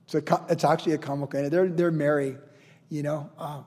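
A man's voice: a little high, fairly even intonation, fast talker, darkish tone, long reverb tail. A man pastor teaching verse by verse through a Bible passage in an earnest, conversational and emotional way, with rhetorical questions.

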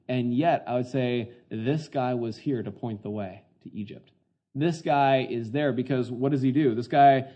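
A man's voice: medium pitch, warm tone. A man teaching a Bible passage in a chatty sermon, full of fillers and retelling scenes. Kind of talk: conversational sermon. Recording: dull lo-fi sound.

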